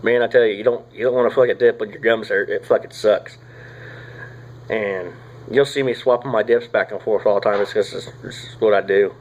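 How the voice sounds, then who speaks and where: A young man, rambling casually through a product review, swearing often and filling pauses with "uh" and "like.". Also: lowish voice, fairly even intonation, lo-fi sound. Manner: rambling, profane, drawling with frequent fillers. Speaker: tobacco reviewer.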